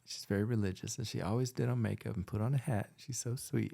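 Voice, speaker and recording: A man's voice: lowish voice, steady tone, quick pace, gravelly, dark tone. A man, a physician hosting a casual conversation, telling heartfelt stories and repeating himself for emphasis. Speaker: physician and podcast host.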